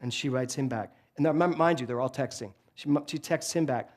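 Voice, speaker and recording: Holding a microphone in front of the congregation, a male minister jokes his way through humorous stories during a sermon in the church sanctuary. He speaks fairly quickly in a mid-range voice, lively and animated.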